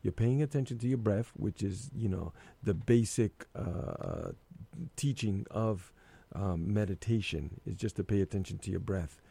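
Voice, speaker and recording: A man in casual conversation, an animated storyteller who acts out his own inner thoughts aloud. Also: on the low side, unhurried, gravelly, breathy edge, no echo.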